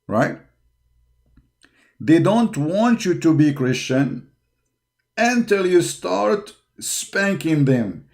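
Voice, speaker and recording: A man with a gravelly, creaky voice holds forth in a heated monologue. He circles back on his own words, stacks up fillers, and presses every point with confrontational force. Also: on the high side, big pitch swings, very slow, pauses often, darkish tone. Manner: combative, repeats words, frequent fillers. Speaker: online apologetics show host. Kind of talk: impassioned monologue.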